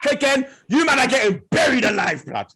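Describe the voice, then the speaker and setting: High-pitched, shouty man trash-talking. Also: very animated, a little fast, crowd noise. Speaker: football podcast host. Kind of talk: heated banter.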